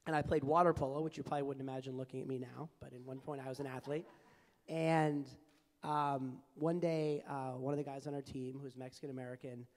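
A man's voice: mid-range voice, flat delivery, brisk. A young man from California speaking as a panelist at a public forum, earnest and anecdotal, with many fillers and restarts. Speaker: panelist, advocacy group founder. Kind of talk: panel discussion. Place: large hall at a public forum. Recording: long hall reverb.

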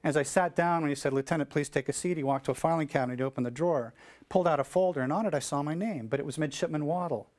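A middle-aged man from the United States tells a story from a stage before a live audience. His voice sits a little high for a man, and he throws himself into each quoted line, at times shouting at full volume. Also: racing. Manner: animated storyteller acting out dialogue, shouting cheers. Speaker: keynote speaker. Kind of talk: storytelling keynote speech.

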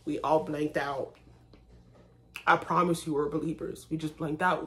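A young woman chatting casually to her viewers in a vlog, talking to them directly and breaking into excited bursts. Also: low-pitched, a little slow. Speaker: vlogger.

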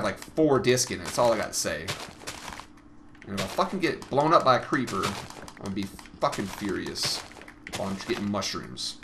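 A gaming channel host with a medium-pitched voice gives casual let's-play commentary, frustrated and swearing as he speaks straight to his viewers. Background noise can be heard.

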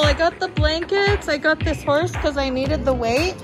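A woman chatting casually through a shop-with-me vlog, excitable and laughing often as she shows her thrift finds. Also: high-pitched, normal speed, hardly any pauses, loud music behind the voice. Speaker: thrift reseller vlogger. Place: busy thrift outlet store, then at home.

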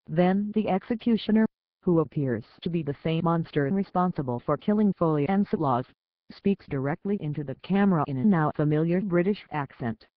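A man reading a scripted news story in a steady read-aloud manner. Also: a little high, moderate pace, dry recording. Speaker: news reader. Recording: tinny phone-like dry sound.

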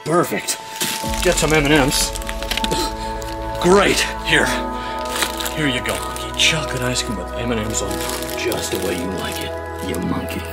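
A man's voice: mid-range voice, lively intonation, normal speed, pauses often, close to an everyday voice. A man voicing a scheming male monkey who hands out free ice cream, talking in a sly, sing-song way. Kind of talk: fan role-play voice acting. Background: loud music.

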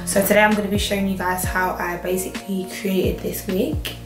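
A young woman with a croaky, hoarse voice, chatting casually and joking to camera while styling a wig at home. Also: mid-range voice, flat delivery, fairly quick, over music. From England. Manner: chatty, joking, self-talk asides. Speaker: hair vlogger. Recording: echoey room, faint noise.

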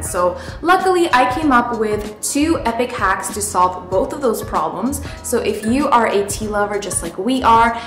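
A woman's voice: a little high, a bit bright. Bubbly woman vlogger in echoey room. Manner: bubbly, enthusiastic. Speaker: lifestyle vlogger. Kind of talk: casual vlog intro.

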